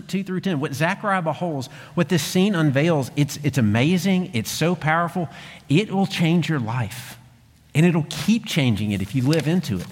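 A man preaching a sermon as pastor, earnest, moving between hushed lines and emphatic ones. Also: on the high side, husky, big-room sound.

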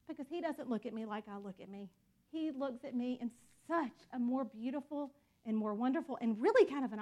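A woman's voice: fairly high pitch, darkish tone, lo-fi sound. A woman teaching a Bible study in an earnest, conversational way, calling her listeners y'all.

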